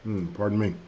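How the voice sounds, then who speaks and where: A man hosting a casual live stream, chatting loosely with viewers and saying his energy is low tonight. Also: pushed and bright. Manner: loose and conversational, frequent "hey" and "you know what I mean". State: a bit under the weather, low energy. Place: at home. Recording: dull lo-fi stream audio.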